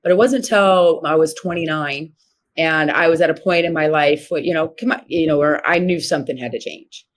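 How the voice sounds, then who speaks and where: Guest, woman, 50s, from Missouri; lowish voice, animated storyteller. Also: a little fast. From Missouri, USA. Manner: animated, acts out quoted voices with sharp pitch jumps. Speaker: guest, horse trainer. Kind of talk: casual interview storytelling.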